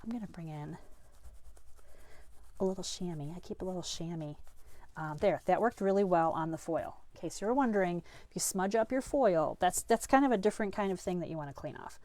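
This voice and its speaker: Still recovering from a cold and slightly sniffly, this middle-aged woman runs a live card-making stream with chatty, upbeat, self-deprecating cheer. Her voice sits lowish, moves fairly quickly, and has a dark tone.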